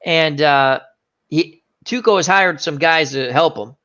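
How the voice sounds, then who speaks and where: A man's voice: a little high, a little slow, bright, forceful tone. A man hosting a casual chat, retelling scenes animatedly with fillers and self-corrections. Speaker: host. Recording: dull lo-fi recording.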